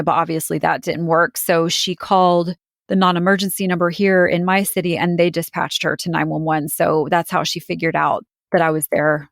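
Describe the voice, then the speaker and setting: A woman's voice: fairly low pitch, no room sound, studio quality. A woman recounting a frightening personal experience in an interview, speaking earnestly and with emotion, often quoting what others said. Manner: earnest, emotional storytelling with quoted dialogue. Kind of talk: conversational personal account.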